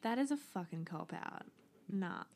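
Kiwi woman co-hosting a podcast, gravelly voice, blunt and swears a lot. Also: lowish voice, expressive, measured pace, a little mellow. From New Zealand. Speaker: podcast co-host. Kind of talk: casual chat.

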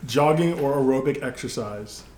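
A man's voice: mid-range voice, normal speed. A man co-hosting a casual chat, reading out questions and teasing his friend with laughs. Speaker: co-host asking questions. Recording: roomy echo with loud noise.

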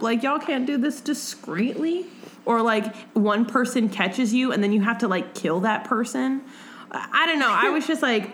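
A young woman hosting a podcast, chatting casually about a book and acting out its characters with big jumps in her voice. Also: normal speed. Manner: animated, acts out characters with big pitch jumps. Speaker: podcast host. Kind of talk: casual book-club chat. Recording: faint background noise.

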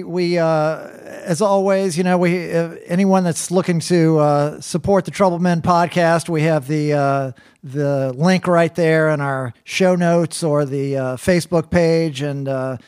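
A man co-hosts a podcast with dry, deadpan quips. His voice is slightly high for a man and sounds dry and close, with no room around it. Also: smooth, no echo. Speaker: podcast co-host. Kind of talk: casual chat.

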